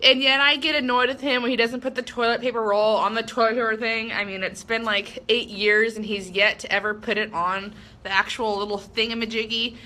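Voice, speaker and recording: A woman's voice: on the high side, steady tone, a little fast, hardly any pauses, bright, forceful tone. A woman in her thirties giving a heartfelt personal speech, earnest and candid, often poking fun at her own flaws. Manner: earnest, candid, self-deprecating with light laughs. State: emotional at moments. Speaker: speaker giving a personal talk.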